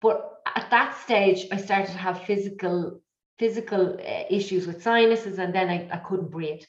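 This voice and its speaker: Woman, middle-aged, candid, animated, repetitive, echoey room, dull sound. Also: medium pitch, moderate pace. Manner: emotional, repetitive, animated storytelling. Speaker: guest, business coach. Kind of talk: candid conversational interview.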